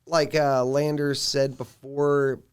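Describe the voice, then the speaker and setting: A man's voice: mid-range voice, level tone, takes it slowly, clear, resonant tone. Man, game master, easygoing narration with lots of fillers. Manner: casual, filler-heavy. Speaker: dungeon master.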